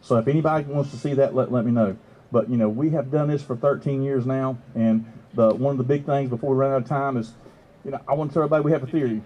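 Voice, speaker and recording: A man telling an animated story to an outdoor festival crowd, excitable and laughing. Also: quick pace, lo-fi sound. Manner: excitable, laughing, leaps to high exclamations. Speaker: festival speaker. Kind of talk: animated storytelling to a live audience.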